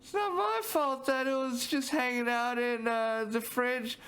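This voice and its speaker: A man voicing a cheeky, defiant young lynx who ate someone's leftovers, in a high whiny voice. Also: steady tone, measured pace, sharp tone, full character voice. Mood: defensive. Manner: high-pitched, whiny, teasing.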